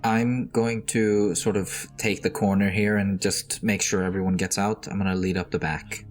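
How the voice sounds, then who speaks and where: Deep-voiced man, halting tabletop player. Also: little pitch movement, soft background music. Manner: hesitant, many fillers and restarts. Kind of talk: tabletop game chat.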